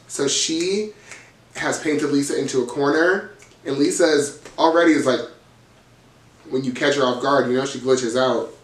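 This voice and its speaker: A man's voice: fairly high pitch, normal speed, distant mic. A man hosting a casual reality TV recap, telling the drama in a gossipy, profane, dramatic way. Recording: roomy, from off the mic.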